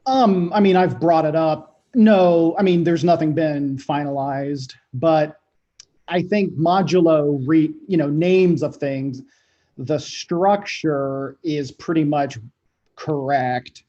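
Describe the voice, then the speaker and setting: A man, a software developer, explaining code structure in a meeting in a soft voice that often trails off. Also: on the high side, takes it slowly. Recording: dull lo-fi call audio.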